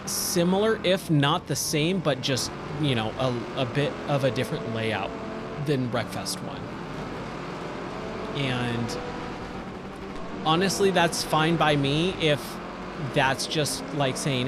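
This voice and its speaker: A man's voice: medium pitch, expressive, unhurried, background noise. Chatty man streaming a game. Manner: rambling, chatty, with many fillers and restarts. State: voice getting a little worn. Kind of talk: casual live-stream commentary.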